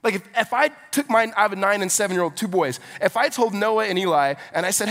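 Male pastor, thirties, slightly high voice, conversational storytelling sermon, reverberant large hall. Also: fast, fairly bright tone. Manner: conversational storyteller, filler-heavy, with rising preaching fervor.

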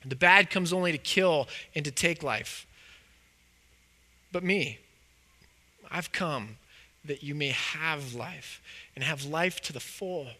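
Earnest, pleading male teacher, as a preacher puts him on, bright and high. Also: slow pace, long pauses, exaggerated voice.

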